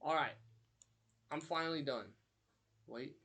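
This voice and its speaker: A man's voice: a little high, takes it slowly, pushed and bright. A young man streaming, rambling through a story and counting aloud while he draws. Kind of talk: casual live-stream chat.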